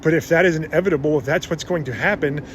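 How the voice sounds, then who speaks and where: A man's voice: fairly high pitch, quick pace, a little hiss or hum. A man giving an earnest, casual religious talk, retelling Bible stories with frequent restarts. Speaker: religious speaker.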